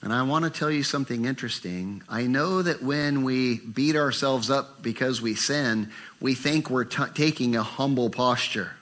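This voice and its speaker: Bright-voiced older male preacher. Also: moderate pace, hardly any pauses. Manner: animated, acts out inner voices with rising pitch. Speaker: pastor. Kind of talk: sermon.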